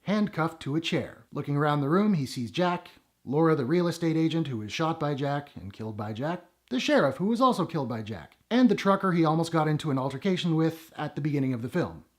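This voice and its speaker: A man's voice: on the high side, expressive, fairly quick. A man giving a casual, jokey film review as the channel host, blunt and swearing for emphasis. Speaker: movie reviewer.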